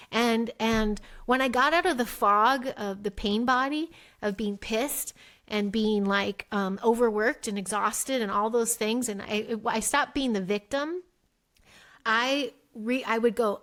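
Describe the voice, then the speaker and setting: A middle-aged woman with a slightly high voice shares her personal story as a podcast guest. She rambles animatedly, restarts her sentences and slips into quoted snippets of her own past thoughts. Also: moderate pace, fairly bright tone. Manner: rambling, with many restarts and "like" fillers.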